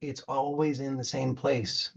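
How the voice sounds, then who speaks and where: A man's voice: mid-range voice, flat delivery, unhurried, vocal fry, breathy edge. A man giving a spiritual talk as a coach, earnest, often repeating words and restarting as he retells a parable.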